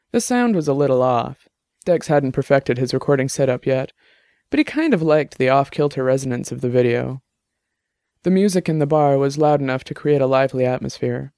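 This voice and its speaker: A man narrating a novel in a steady, even reading voice. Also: medium pitch, no echo, studio quality.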